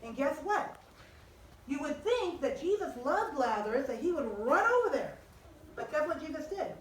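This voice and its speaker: High-voiced, animated woman telling children a story. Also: moderate pace, reverberant, recorded from a distance, slight background noise, poor audio. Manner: animated, expressive, asks the children questions. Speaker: children's Bible teacher.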